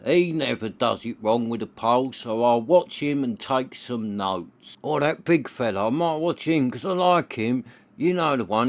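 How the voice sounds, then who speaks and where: A man hosting a camping vlog outdoors in his garden, rambling and poking fun at himself in casual chat. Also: mid-range voice. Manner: rambling, self-deprecating, colloquial. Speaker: camping channel host.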